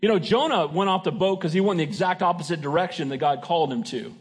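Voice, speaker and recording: A man's voice: on the high side, fast talker, breathy edge. A man preaching a sermon as pastor, emphatic and folksy, often asking his congregation "Amen?". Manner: folksy and joking.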